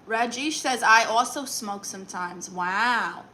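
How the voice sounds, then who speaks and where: A woman's voice: fairly high pitch, takes it slowly, sharp tone, slight background noise, low-quality recording. A woman streaming live in a comic aunt persona, reading chat messages aloud and firing back sassy, dry comebacks.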